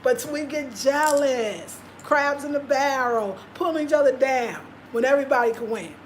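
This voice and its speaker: A woman's voice: high voice, moderate pace, a little hiss or hum. A woman vlogger talking casually and passionately, repeating her points for emphasis. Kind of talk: casual live-stream talk.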